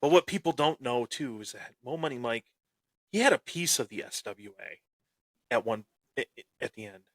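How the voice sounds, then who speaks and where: A man's voice: medium pitch, animated, normal speed, no room sound. A man hosting a wrestling podcast, telling a boastful, taunting story in his wrestling persona. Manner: swaggering, taunting, dramatic. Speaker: podcast host.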